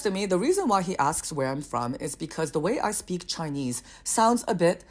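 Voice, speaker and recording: A young woman from Canada telling a comic story in an animated, exasperated way, building to near-shouted punchlines. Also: on the low side, moderate pace, few pauses. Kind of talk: comedic storytelling.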